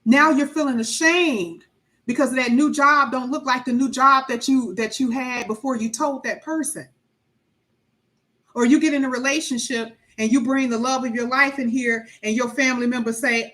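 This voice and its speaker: Animated high-voiced woman tarot reader. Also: moderate pace. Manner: animated, acts out quoted voices, emphatic repetition. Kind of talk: tarot reading monologue.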